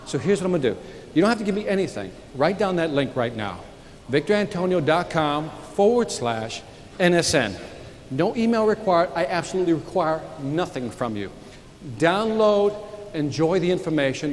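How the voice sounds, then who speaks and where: A man giving an energetic sales keynote, telling jokes and stories and calling out to the audience. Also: on the high side, brisk. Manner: lively, joking, calls out to the audience. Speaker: motivational sales speaker. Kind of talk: energetic keynote speech with storytelling. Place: conference hall before a live audience. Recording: echoey hall, audience, faint background noise.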